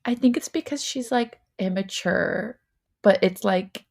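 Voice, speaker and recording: A woman's voice: mid-range voice, measured pace, gravelly, a little mellow. A young woman co-hosting a podcast, reviewing a TV show in casual chat, full of "like" fillers. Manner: chatty, lots of "like" fillers. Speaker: podcast co-host.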